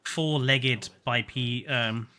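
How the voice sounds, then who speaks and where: Young male streamer, bright tone, loose chatty delivery, tired. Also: mid-range voice, fairly even intonation, very slow, slight background noise. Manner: chatty, laughs often, stumbles over names. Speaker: gaming streamer. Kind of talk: casual live-stream chat.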